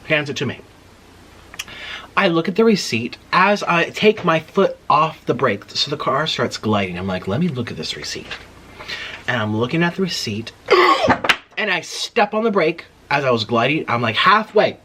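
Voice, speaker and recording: Animated man telling a story while eating. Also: fairly high pitch, breathy edge. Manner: animated, indignant retelling with mouth-full murmurs. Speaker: mukbang host.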